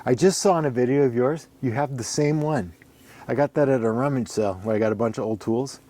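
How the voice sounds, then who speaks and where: Middle-aged guy in his workshop rambling at the camera, warm low-key voice, thinks out loud. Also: brisk. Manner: rambling, talks to himself while counting and examining. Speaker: ax handle reviewer. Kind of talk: casual workshop show-and-tell.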